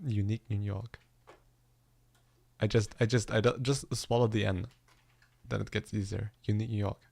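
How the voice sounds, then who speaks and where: Gravelly-voiced playful male streamer. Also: on the low side, flat delivery, moderate pace, a little mellow, dry recording. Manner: playful, self-mocking, laughs often. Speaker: livestreaming musician. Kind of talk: casual chat with stream viewers.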